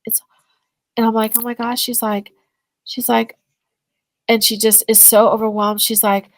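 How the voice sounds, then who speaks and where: A woman, a guest on a podcast interview, telling a story in a casual, animated way and acting out both sides of the conversations. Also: fairly high pitch, moderate pace, no room sound, low-quality recording. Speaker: guest, energy healing business owner.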